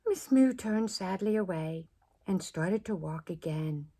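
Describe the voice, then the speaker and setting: A woman preschool teacher reads a picture book aloud to children. Her voice is breathy and sweeps widely in pitch, and she often drops to a whisper. She reads at an unhurried pace. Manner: expressive, often dropping to a whisper.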